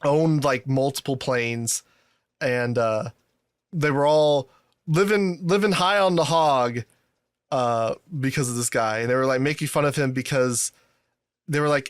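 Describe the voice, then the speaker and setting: A man's voice: mid-range voice, unhurried, smooth, no room sound, studio quality. A man co-hosting a podcast in casual chat, rambling and swearing, often trailing off with a laugh. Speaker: podcast co-host.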